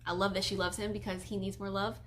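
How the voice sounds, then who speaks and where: A woman's voice: mid-range voice, flat delivery, quick pace, slight background noise. A woman in her twenties streaming casually, chatty and giggly, gushing like a fan while reading viewer questions. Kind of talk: casual live-stream chat.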